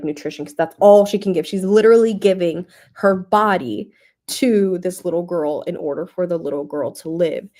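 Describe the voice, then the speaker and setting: A young woman hosting a book club, talking casually and emotionally about a novel, with many fillers and pauses to think. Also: mid-range voice, dark tone. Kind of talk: casual book review livestream.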